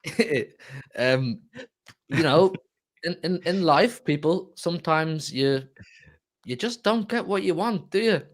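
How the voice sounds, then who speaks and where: A man on a football panel who rambles, halts and pokes fun at himself. His voice is slightly higher than most men's. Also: lively intonation. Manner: rambling, halting, self-deprecating. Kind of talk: casual chat.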